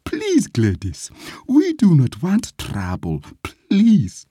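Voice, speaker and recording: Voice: medium pitch, wildly swooping pitch, takes it slowly, mellow, slightly rough, no echo, studio quality, voice pushed up, exaggerated voice. A narrator voicing a frightened male painter who begs his coworker not to cause trouble. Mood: pleading. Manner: pleading, anxious.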